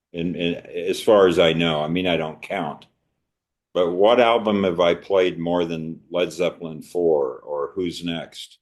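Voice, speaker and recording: An older man co-hosting a podcast, chatting in a casual, reflective way about music he loves. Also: deep voice. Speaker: podcast co-host.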